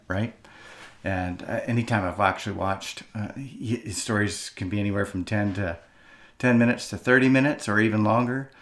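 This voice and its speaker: A man hosting, commenting reflectively with a thoughtful, hesitant manner and many fillers. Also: lowish voice. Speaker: host.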